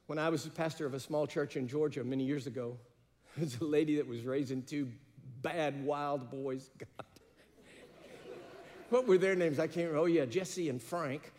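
A man's voice: fairly high pitch, moderate pace, a little mellow, long reverb tail, a little hiss or hum. A man preaching a sermon, telling stories and building to emphatic peaks. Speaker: pastor.

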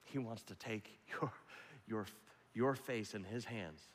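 A man preaching a sermon, with loud rising appeals that drop to hushed, almost whispered lines. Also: on the low side, takes it slowly. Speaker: pastor. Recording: long reverb of a large hall.

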